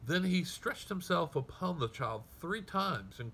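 A pastor delivers an expository sermon, reading passages aloud and then unpacking them with earnest emphasis. His voice is bright, and he softens noticeably when he reaches grave moments. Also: a little high, expressive, measured pace, few pauses, a little hiss or hum. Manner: expository preaching, reads scripture aloud then explains it; earnest, emphatic, drops to soft tones at grave points.

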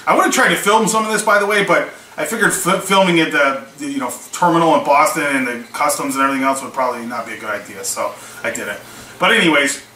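A man's voice: fairly high pitch, fast, bright, forceful tone. A man casually telling a story, acting out both sides of the conversations he recounts. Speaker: small online seller vlogger. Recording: echoey room, mic at a distance, faint hiss.

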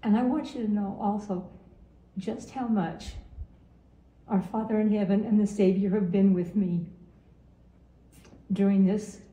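Earnest older woman, dark and roomy. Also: medium pitch, fairly even intonation, unhurried, pauses often. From Utah. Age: 70s. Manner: earnest, repeats phrases, testifies of faith. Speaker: grandmother giving a farewell message. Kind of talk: heartfelt recorded farewell message.

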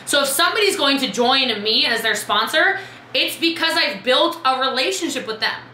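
A woman coaching her team on a live video, chatty and lively, calling out viewers by name. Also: high-pitched, normal speed, echoey room, a little hiss or hum, poor audio. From Texas. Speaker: business coach.

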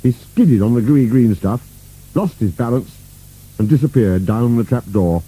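A man narrating a children's storybook with an expressive, playful reading. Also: medium pitch, normal speed, husky, poor audio.

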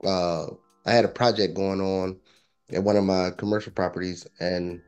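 A man, a property investor, telling a story in a relaxed, informal way and often repeating phrases. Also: sits low, normal speed, clean tone, muffled recording, soft background music. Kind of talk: casual storytelling interview.

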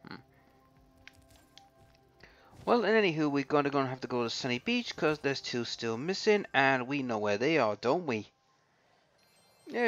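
A man's voice: medium pitch, a bit bright. A man casually commenting while playing a video game, chatting to the characters and grumbling now and then. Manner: chatty, talks to game characters, mild swearing. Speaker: let's play host. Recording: voice with game music underneath.

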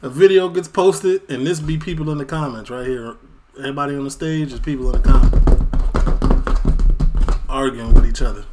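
A man's voice: mid-range voice, a little fast, pauses often, a little mellow, a little hiss or hum. A man from Chicago giving casual reaction commentary with joking, laughing asides. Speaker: reaction video host.

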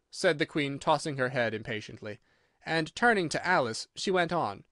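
A man reading a children's audiobook with an expressive, animated delivery. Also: on the high side, normal speed, no echo, studio quality. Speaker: audiobook narrator. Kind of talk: audiobook narration.

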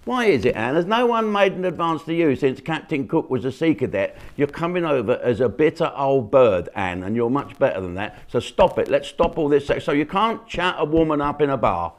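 A man's voice: fairly high pitch, very animated, a little fast, hardly any pauses. An older man, a comedian and channel host, giving a blunt, mocking monologue full of swearing and asides. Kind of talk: rambling opinionated monologue.

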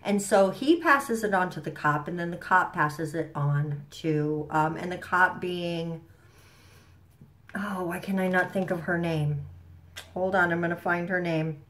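Woman vlogger, slightly low voice, stuffy, casual slangy show recap to camera. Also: a little slow, a bit bright. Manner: chatty, rambling, enthusiastic, with frequent fillers and slang. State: stuffy from allergies.

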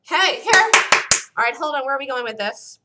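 A woman hosting a live day-trading room, calling out entries and stops in an urgent, rapid-fire way, her voice worn and close to giving out. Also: high-pitched, big pitch swings, heavy background noise. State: losing her voice. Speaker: day-trading show host.

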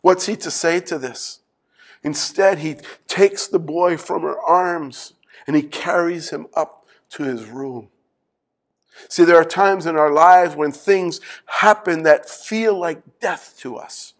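A man's voice: fairly high pitch, slow pace. A man preaching a sermon as pastor, retelling a scripture story and asking the congregation pointed rhetorical questions. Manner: clears his throat between passages.

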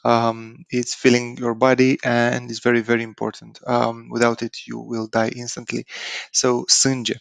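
A man with a Romanian accent, a native Romanian speaker, teaching vocabulary in an informal lesson, slow and halting with many ums and uhs. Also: mid-range voice, completely flat delivery, creaky, no echo. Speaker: language teacher.

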